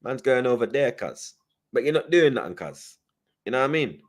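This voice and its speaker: A man's voice: mid-range voice, big pitch swings, normal speed. A young man hosts a fan channel, chatting casually and reading viewer comments, with constant slang and "you get me" tags. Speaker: football fan channel host.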